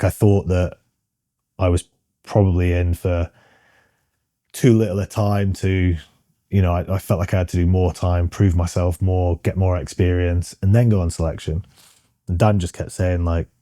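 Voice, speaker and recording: Low, dark-voiced British man, frank and rambling. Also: level tone, a little slow, dry recording, clean studio sound. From Britain. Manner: rambling and frank, many ums and restarts. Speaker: interview guest. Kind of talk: casual interview chat.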